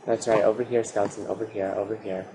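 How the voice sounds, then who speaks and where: A lower-voiced man narrating his survival game run, swinging from quiet muttering to sudden excited shouts at the monsters. His voice sits over a clearly audible noise floor, like a home setup. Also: fast talker. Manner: excitable, yelling at mobs, frequent outbursts. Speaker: gaming commentator. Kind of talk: Minecraft let's play commentary.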